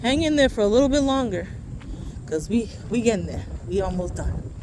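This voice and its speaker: A woman's voice: a little high, animated, fairly quick, background noise. A woman vlogger walking and talking through an outdoor park tour, chatty and joking with viewers, out of breath the whole way on a faulty mic. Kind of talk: casual walking-tour chat.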